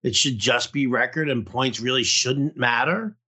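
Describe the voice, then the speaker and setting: A man's voice: mid-range voice, normal speed, bright, forceful tone, slightly rough. A young man co-hosting a casual podcast chat, rambling with lots of fillers. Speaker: podcast co-host.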